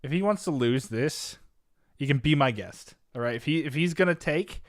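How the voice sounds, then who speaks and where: A young man from Canada, chatting casually as he streams chess, rambling and swinging between low mumbles and loud exasperated bursts. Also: expressive, moderate pace, no echo, studio quality. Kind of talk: casual live-stream chat.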